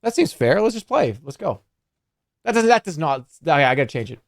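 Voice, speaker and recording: A man streaming a game, reading the story aloud with animated narration and casual asides. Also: fairly high pitch, a little fast, no echo, clean studio sound. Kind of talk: reading a gamebook aloud while playing.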